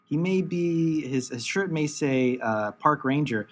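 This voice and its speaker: A man's voice: on the high side, animated, measured pace. Hesitant male podcast host. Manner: hesitant, many fillers. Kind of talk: casual chat. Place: studio in Los Angeles.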